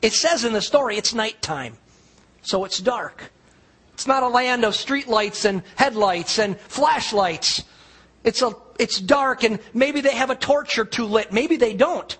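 Guy preaching a sermon, high pitched and kinda breathy, storyteller vibe. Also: lively intonation, measured pace. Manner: storytelling, drops to a hush for quiet lines. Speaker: pastor.

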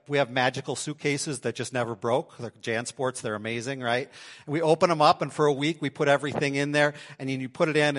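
A man preaching a sermon to his congregation in a church, swinging between loud emphasis and quiet asides. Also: mid-range voice. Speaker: pastor. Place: church sanctuary.

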